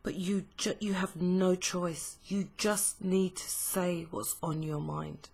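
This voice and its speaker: Lady doing a tarot reading, slow and husky, lowish voice, draws it out like a story. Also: steady tone, darkish tone. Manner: slow, emotive storytelling with frequent pauses. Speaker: tarot reader. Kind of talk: tarot reading told as a second-person story.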